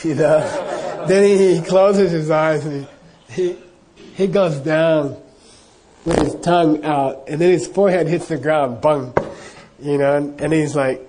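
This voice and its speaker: A man's voice: fairly high pitch, a little slow, a little mellow. A man teaching as a Buddhist teacher, telling a story in a casual, rambling way with many fillers. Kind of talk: dharma talk storytelling.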